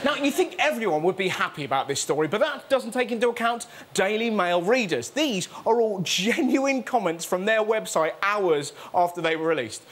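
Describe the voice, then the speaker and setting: A man hosting a topical comedy show, talking in a sarcastic, animated way. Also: high-pitched, normal speed, few pauses. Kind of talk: stand-up style topical comedy.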